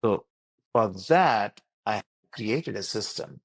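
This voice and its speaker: A man's voice: fairly low pitch, animated, slow pace, slightly rough, no echo. Earnest man with a dry close sound. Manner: earnest, explains with repeated phrases and lists. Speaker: doctor and wellness program creator. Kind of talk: podcast interview guest.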